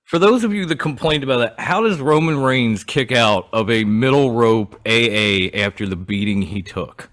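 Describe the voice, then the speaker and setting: Brief: Philly-man, middle pitch, animated wrestling-podcast talker who swears. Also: moderate pace, hardly any pauses. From South Philadelphia. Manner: animated, laughing, swears, acts out quotes. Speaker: podcast co-host. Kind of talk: casual podcast chat.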